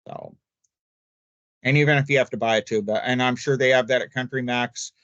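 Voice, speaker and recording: A man's voice: mid-range voice, steady tone, a little fast, a bit bright, no room sound, lo-fi sound. An older man, a poultry expert, talking casually and folksily in a seminar, with an easygoing, jokey manner. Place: remote virtual seminar.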